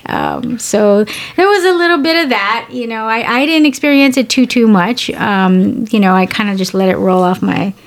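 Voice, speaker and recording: A woman's voice: a little high, normal speed, few pauses. A woman from San Antonio, Texas, co-hosting a podcast in casual chat, rambling with lots of fillers and cheerful swearing. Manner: chatty, profane, many fillers and restarts. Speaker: podcast co-host.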